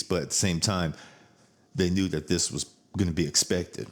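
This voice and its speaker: A man with a very low, deep voice talks casually on his podcast. He is blunt and profane, and he laughs as he tells family stories. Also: fairly even intonation, normal speed. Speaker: podcast host. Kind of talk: casual chat.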